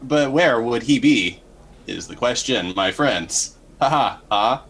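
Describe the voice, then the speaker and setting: A man's voice: mid-range voice, lively intonation, slow pace, a bit bright, slightly rough, full character voice, poor audio. A man voicing a formal, playful android. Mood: earnest. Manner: stiff, overly formal speech. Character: cheerful, formal male android.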